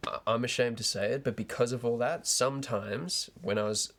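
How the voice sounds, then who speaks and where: A man's voice: medium pitch, steady tone, moderate pace, a bit bright. A young man co-hosting a casual podcast chat, opinionated and swearing freely. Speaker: podcast co-host.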